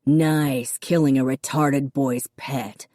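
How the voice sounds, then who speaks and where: A woman's voice: extremely low pitch, steady tone, slow pace, warm tone, no room sound, clean studio sound. A woman reading an audiobook, voicing a poor father speaking with bitter rage. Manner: bitter, resentful.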